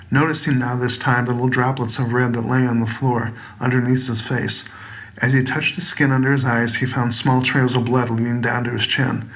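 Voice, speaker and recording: Man, narrator, gothic horror reading, measured, dramatic. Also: mid-range voice, fairly bright tone. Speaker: author and narrator.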